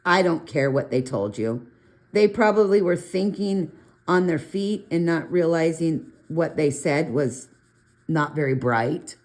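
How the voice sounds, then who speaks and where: A middle-aged woman casually talking through a colored pencil demo, chatty and rambling with animated asides. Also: low-pitched. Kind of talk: casual art tutorial talk.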